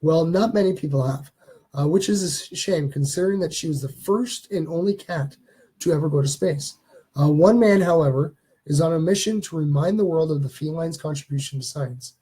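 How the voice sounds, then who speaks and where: A man's voice: a little high, a little fast, dark tone, husky. A man from Canada hosting a casual live-stream show, chatting loosely and reading viewer comments aloud as he goes. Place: home studio.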